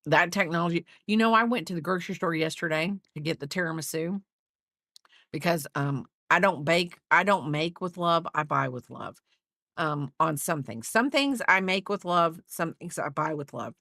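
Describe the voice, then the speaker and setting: A woman's voice: low voice, expressive, moderate pace, fairly bright tone, dry recording, clean studio sound. A middle-aged woman hosting a crochet livestream, chatting casually and teasing, often laughing. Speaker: livestream host. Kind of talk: casual chat while crocheting on stream.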